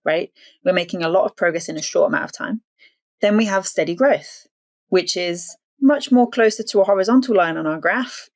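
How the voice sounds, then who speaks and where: A woman's voice: on the low side, no room sound. A woman from the English Midlands with an English accent, a language consultant chatting as an interview guest and laughing easily. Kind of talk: casual interview chat.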